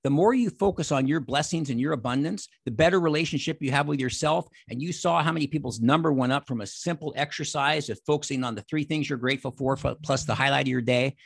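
A man in his sixties giving an energetic motivational talk on a video call, acting out the exchanges he describes. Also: medium pitch, fast talker, vocal fry, few pauses, husky, no echo. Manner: animated, acts out quoted exchanges. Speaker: motivational speaker.

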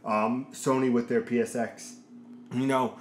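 A man's voice: mid-range voice, flat delivery, unhurried. A man co-hosting a casual gaming chat, rambling and searching for words as he talks. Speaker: podcast co-host. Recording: echoey room, faint noise.

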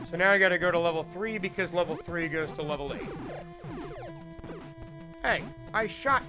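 A man's voice: on the high side, animated, music in the background, rough recording. A man streaming himself playing old console games, making running jokes and talking to his chat. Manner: joking, talks to chat, quick asides. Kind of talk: casual gameplay commentary.

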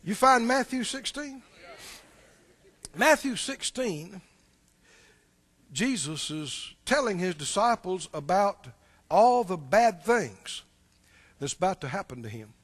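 High-voiced preacher guy, sermon to a congregation, swoops all over, keeps asking them questions. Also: slow, long pauses. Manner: animated, quizzing the congregation.

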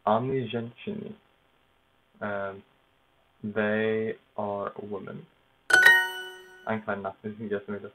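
Low-voiced man on a noisy tinny line. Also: level tone. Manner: self-deprecating, laughing, halting over foreign words. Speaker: language learner. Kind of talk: casual self-narrated study session. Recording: tinny phone-like noisy recording.

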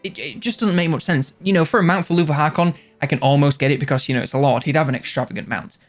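A man's voice: on the high side, quick pace, soft background music. A man giving casual, jokey video game commentary, rambling and correcting himself along the way.

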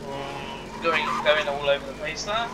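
A man's voice: a little high, measured pace, distant mic, heavy background noise. A man hosting a let's play, rambling and stumbling over words while he races, with a cough. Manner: rambling, stammers and repeats. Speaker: gaming channel host.

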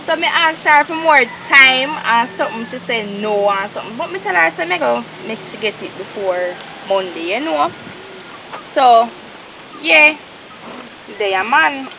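A woman's voice: a little high, background noise, natural voice. A woman with a Jamaican accent playing a dutiful young daughter, chatty with friends and meek with her mother.

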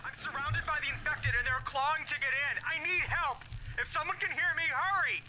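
A man's voice: extremely high pitch, fairly quick, pushed and bright, slight background noise, heavily acted, poor audio. A man voicing a panicked survivor calling for help over a radio in a game. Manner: panicked pleading.

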